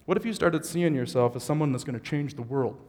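A slightly high-voiced pastor preaches quickly, and the sound carries the feel of a big room. His sermon starts with easygoing remarks and rises into fervent, shouted exhortation.

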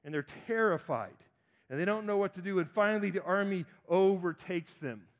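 A pastor in his forties preaches a sermon, animatedly acting out the voices of the people in his story. His voice is high and his speed normal.

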